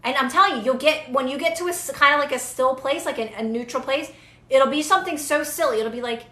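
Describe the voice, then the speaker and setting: A woman's voice: sits high, quick pace, pushed and bright, reverberant. A young woman giving casual, earnest manifestation advice to viewers on a live stream, repeating phrases for emphasis.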